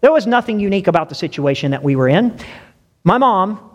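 A young male preacher with a lilt and a noticeably high voice. He talks to the congregation in a conversational way and keeps asking them questions. His words echo with a long tail through a church hall. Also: lively intonation, very fast, a little mellow. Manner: conversational, addresses listeners directly with questions. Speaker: pastor. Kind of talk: sermon with personal stories.

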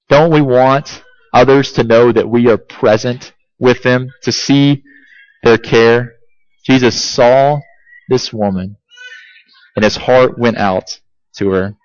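A man preaching a sermon as pastor, emphatic and deliberate, asking his congregation repeated rhetorical questions. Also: medium pitch, dry recording, dull audio.

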